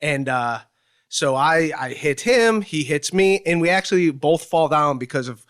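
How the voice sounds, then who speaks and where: A man from Cleveland, Ohio, answering interview questions, telling a story in halting bursts with many fillers. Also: fairly high pitch, lively intonation, fairly bright tone.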